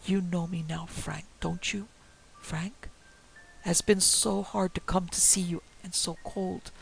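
A man voicing the wailing ghost of a dead wife, cold and pleading, in a breathy, mournful tone. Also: high voice, fairly even intonation, measured pace, soft background music, low-quality recording.

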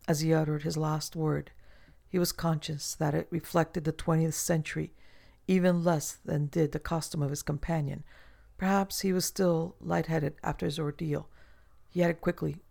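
A man narrating a novel in a measured, literary reading style. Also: fairly high pitch, little pitch movement, vocal fry, darkish tone. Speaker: audiobook narrator. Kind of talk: scripted narration.

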